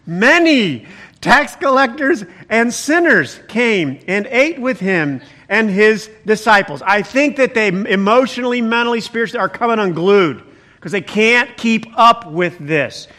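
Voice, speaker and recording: A pastor preaching a sermon in an animated, conversational way, breaking in with exclamations as he reads and explains the text. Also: very high voice.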